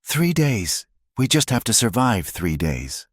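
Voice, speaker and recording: A firm, urgent frontier widow in a western storybook tale, acted by a man. The voice sits very low and moves with a lively melody. It is recorded close and dry. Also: measured pace, no echo. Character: woman, a fierce protective frontier widow.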